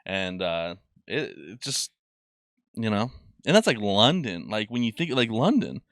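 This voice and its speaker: A young man co-hosting a podcast in loose, rambling chat, swearing freely and padding his talk with fillers. His voice sits low but comes across bright and forceful, recorded close and dry. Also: big pitch swings, unhurried, no room sound. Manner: profane, rambling, lots of fillers. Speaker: podcast co-host. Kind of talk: casual chat.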